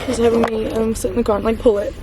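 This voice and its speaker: A woman's voice: fairly high pitch, little pitch movement, very fast, noisy background. A teenage girl from Texas vlogging on a phone outdoors in the snow, sounding stressed and near tears. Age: teens. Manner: stressed, tearful and laughing by turns. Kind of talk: handheld vlog. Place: outdoors in snow by a stuck car.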